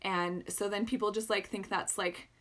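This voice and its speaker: A woman's voice: mid-range voice, fairly even intonation, normal speed, a bit bright. A woman from Canada chatting casually on a live stream, reading out and answering viewer comments over a phone mic. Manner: chatty, reads out and responds to comments.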